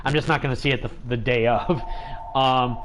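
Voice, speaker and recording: A man's voice: mid-range voice, steady tone, moderate pace, fairly bright tone, a little hiss or hum. A man hosting a gaming livestream, talking in a chatty, rambling way with lots of fillers. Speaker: livestream host.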